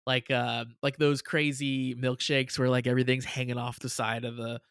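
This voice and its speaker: A man's voice: medium pitch, normal speed, vocal fry, smooth, no room sound. Guy co-hosting a reaction podcast, easygoing chatter, dry close mic. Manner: chatty, laughs often, animated retelling. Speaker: podcast co-host. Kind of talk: casual reaction chat.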